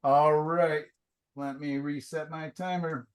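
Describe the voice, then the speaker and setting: A man's voice: fairly high pitch, fairly even intonation, slow pace. A man teaching a painting class, giving casual, enthusiastic feedback over a video call. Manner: casual, enthusiastic, chatty with fillers.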